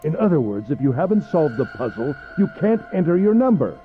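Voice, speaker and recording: A man's voice: on the high side, big pitch swings, a little fast, phone-quality sound, faint music behind. An actor voicing a smug, cruel older male captor who talks in a pompous, mocking way, in a game. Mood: scornful. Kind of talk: video game voice acting.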